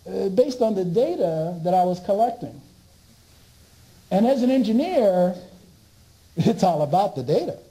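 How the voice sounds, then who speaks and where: A man's voice: high voice, unhurried, long pauses, poor audio. A man giving a storytelling talk as a speaker and author, acting out his conversations with doctors and restarting his sentences. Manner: animated, acts out dialogue with doctors.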